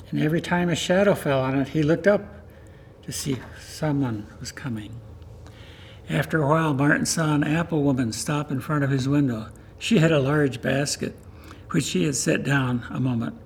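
A man reads a story aloud for a church service in a steady, plain way. His voice sits somewhat high for a man. A faint hiss of noise runs beneath.

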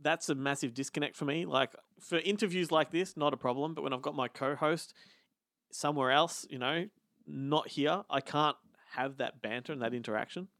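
A man's voice: fairly high pitch, moderate pace, fairly bright tone, no room sound, studio quality. A man hosting an interview, chatty and teasing his guests. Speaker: radio host interviewing guests. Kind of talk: casual interview.

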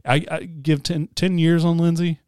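A man's voice: a little high, flat delivery, moderate pace, a little mellow, clear, resonant tone, dry recording, clean studio sound. A man co-hosting a podcast in casual chat, laughing often and restarting his sentences as he goes. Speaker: podcast co-host.

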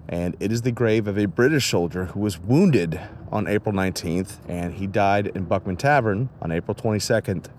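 A man's voice: mid-range voice, slight background noise. A man hosting a podcast, narrating an on-location travelogue outdoors at historic sites and reading monument inscriptions aloud with relish. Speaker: podcast host.

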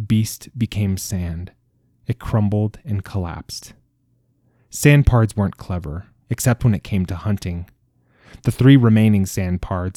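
A male narrator reads a fantasy tale with measured, dramatic pacing. His voice is low and mellow, captured on a close, dry studio mic. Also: no room sound. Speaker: audiobook narrator.

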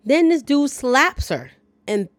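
A woman's voice: high voice, big pitch swings, slow, dry recording, clean studio sound. A woman podcast host giving a chatty, wry, dryly joking casual recap of a movie. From lives in the American South.

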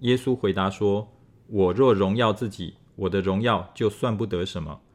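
A man reading scripture aloud in a measured, even way. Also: on the low side. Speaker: scripture reader.

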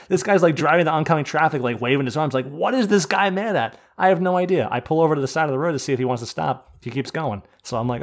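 A man from the United States telling an animated, profane rant on a casual podcast. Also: on the high side, very fast, hardly any pauses. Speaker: podcast host. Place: podcast studio.

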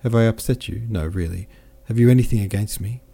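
A man's voice: fairly low pitch, fairly quick, gravelly, mellow, breathy edge. A man voicing a cheerful, effusive French army captain who is talkative and friendly, in a read novel. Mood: warm.

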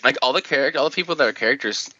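A man's voice: mid-range voice, racing, sharp tone, no room sound, highs cut off. A man hosting a casual podcast chat, rambling, swearing and often laughing.

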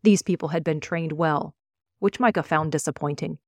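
Woman, author reading a fantasy novel, measured narration, low voice, dry close sound. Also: dry recording. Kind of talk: audiobook reading.

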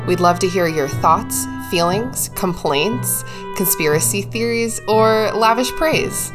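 A woman's voice: mid-range voice, takes it slowly, over music. A woman hosting a podcast, chatting casually, swearing freely and laughing often. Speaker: podcast host.

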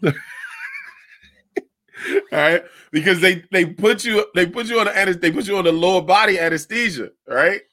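A young adult man chatting casually, telling an animated, profane story and laughing often. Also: high-pitched, normal speed, pauses often, dry recording, studio quality.

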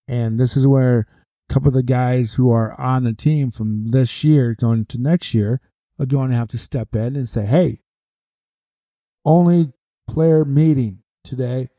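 Male podcast host with a dark, mellow voice and a dry close mic, rambling sports talk and a bit out of breath. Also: mid-range voice, no room sound. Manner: rambling, repeats phrases for emphasis. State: short of breath. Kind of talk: casual sports commentary monologue.

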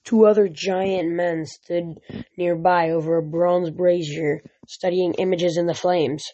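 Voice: mid-range voice, fairly even intonation, measured pace, mellow, slight background noise. A reader narrating a fantasy novel aloud at home, stumbling and restarting words often, in a dull lo-fi recording. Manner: reads with frequent slips and restarts. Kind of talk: amateur audiobook reading.

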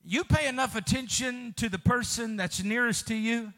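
A man pastor, preaching a fervent sermon, calling out to the congregation, with sudden shouts and soft drops. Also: extremely high pitch, normal speed. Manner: calls out to congregation.

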